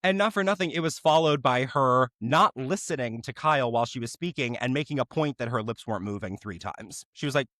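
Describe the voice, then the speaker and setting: A man's voice: medium pitch, fairly quick, few pauses, a bit bright, no echo, studio quality. A man co-hosting a podcast, giving witty, opinionated commentary with mocking asides. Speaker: podcast co-host. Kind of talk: casual chat.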